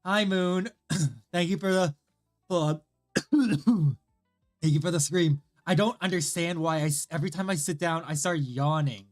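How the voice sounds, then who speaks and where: Tired, cold-stricken streamer venting between slow, careful language drills; mid pitch, soft music underneath. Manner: frustrated, swears often, repeats practice phrases slowly. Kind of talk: casual live-stream chat while studying Japanese. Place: at home.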